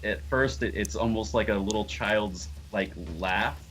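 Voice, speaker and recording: Low-voiced man running a tabletop game. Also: fairly bright tone, slight background noise. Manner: halting, with many fillers and restarts. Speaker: game master.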